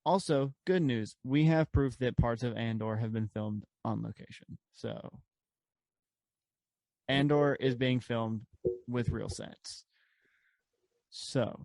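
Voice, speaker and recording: A man's voice: medium pitch, unhurried, creaky, a little mellow, no room sound. A man co-hosting a podcast in casual chat, rambling with lots of fillers and laughs. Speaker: podcast co-host.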